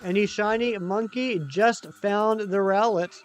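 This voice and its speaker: A man live-streaming a video game, chatting excitably with his viewers. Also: high voice, measured pace, clean tone, faint music behind. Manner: chatty, excitable, talks to chat. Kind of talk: live gaming stream chat.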